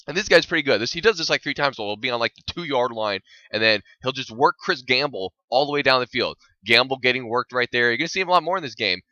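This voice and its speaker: Male gameplay narrator, animated and self-mocking, dull dry recording. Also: medium pitch, clean tone, no room sound. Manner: rambling, exasperated and self-mocking. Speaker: gaming channel host. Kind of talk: gameplay commentary voice-over.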